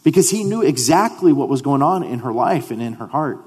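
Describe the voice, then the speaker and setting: A man preaching a sermon as a pastor. He repeats words when he restarts, and he swings between loud emphasis and hushed lines. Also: mid-range voice, expressive, brisk, breathy edge, big-room sound.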